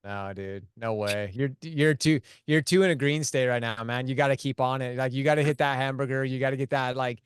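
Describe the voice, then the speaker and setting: Male podcast guest, smooth clear voice, dry sound, enthusiastic and chummy. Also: medium pitch, brisk, hardly any pauses, no room sound. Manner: enthusiastic, says "dude" and "man" a lot. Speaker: podcast guest, media company founder. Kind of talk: casual podcast chat.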